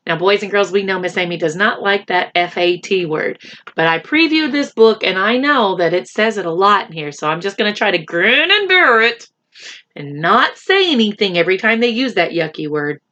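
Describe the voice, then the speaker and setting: A woman teacher reading a picture book aloud to children, expressive and stopping to count along with them. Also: medium pitch, moderate pace, lo-fi sound. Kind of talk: read-aloud storytime.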